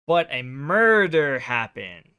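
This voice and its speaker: Bright-voiced man rambling through a game recap. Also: fairly high pitch, very animated, takes it slowly, clean tone, no echo, clean studio sound. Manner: rambling, filler-heavy storytelling. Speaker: streamer. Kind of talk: casual game recap chat.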